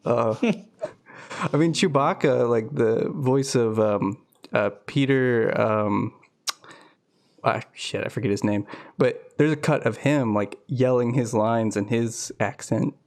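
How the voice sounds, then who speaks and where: A young man co-hosting a casual podcast, talking in a loose, rambling way with fillers and asides. His voice sits at an ordinary middle pitch. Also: slow pace, darkish tone. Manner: rambling, jokey, lots of fillers. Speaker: podcast co-host. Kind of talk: casual chat.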